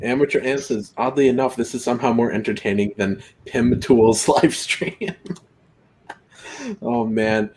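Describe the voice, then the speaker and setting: A man's voice: mid-range voice, expressive, measured pace, creaky, darkish tone, a little hiss or hum. A man co-hosting a casual movie podcast, laughing a lot and reading out viewer comments. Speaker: podcast co-host reading chat. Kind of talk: casual chat about movies.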